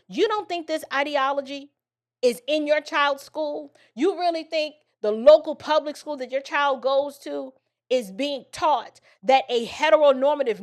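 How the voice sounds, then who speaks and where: A woman commentator delivers a heated opinion monologue in a high voice. She lectures and challenges her listeners, piling up rhetorical questions with a preachy, combative edge. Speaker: political commentator.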